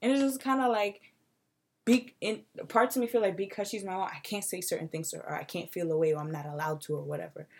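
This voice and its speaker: Young female co-host, husky gravelly voice, animated storyteller, casual podcast chat. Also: fast. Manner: animated storytelling, acting out quotes in a high mocking voice.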